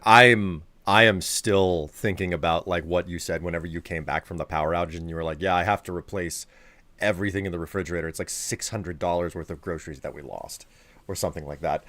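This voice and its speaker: A man's voice: low voice, fairly even intonation, a little fast, fairly bright tone, no echo. A man chatting casually with his live-stream viewers, sleepy and rambling as he reads and answers chat.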